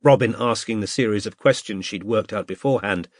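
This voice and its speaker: A man narrating a detective novel as an audiobook in a measured, steady storytelling manner. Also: fairly low pitch, no echo, clean studio sound. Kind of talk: scripted narration.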